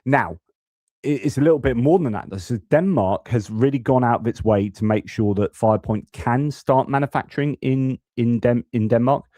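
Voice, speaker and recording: A man's voice: medium pitch, normal speed, dark tone, dry recording. A man giving casual, unscripted news commentary on a live stream, reading items and then explaining them, restarting and correcting himself as he goes.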